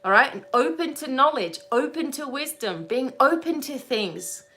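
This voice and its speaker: Woman, bright and fairly high voice, casual and animated spiritual host, laughs often and keeps asking "right?". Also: moderate pace. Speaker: spiritual teacher hosting a webinar. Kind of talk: casual teaching talk.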